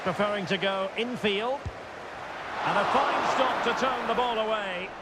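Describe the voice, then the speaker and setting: Man, football video game commentator, high-pitched voice, crisp play-by-play, lifts on chances, loud stadium noise behind. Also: a little slow. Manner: crisp play-by-play calling player names, rising sharply on chances and goals.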